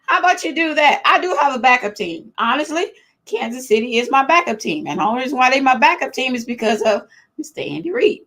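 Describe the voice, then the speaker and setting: A fairly high-voiced woman hosts a casual live-stream chat from home. She is chatty and excitable, laughs often and talks straight to the people watching. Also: fast. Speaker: host of a live chat show.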